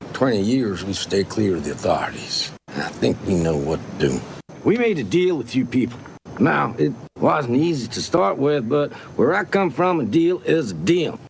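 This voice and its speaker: An actor playing a hard-bitten man with a put-on Creole-style accent, speaking low, measured and threatening. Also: very animated, creaky, slight background noise. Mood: menacing.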